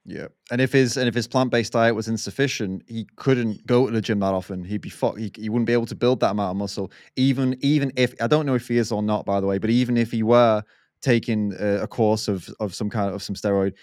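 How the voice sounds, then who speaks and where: Relaxed podcast host, dry close sound. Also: male voice, fairly low pitch, fast talker, dry recording. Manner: relaxed, agreeable, laughs along. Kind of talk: casual interview chat.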